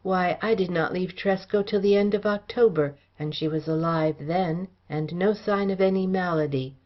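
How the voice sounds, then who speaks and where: Lady reading an earnest young gent, plain-spoken, low voice, muffled audio. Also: normal speed, close to an everyday voice. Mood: insistent. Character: earnest young gentleman, the narrator.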